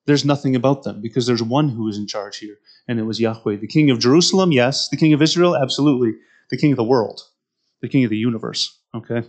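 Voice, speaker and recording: A man's voice: mid-range voice, quick pace, a little mellow. A man preaching a sermon who reads scripture aloud and then explains it directly to his listeners, often repeating words as he goes. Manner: repeats words and restarts mid-phrase.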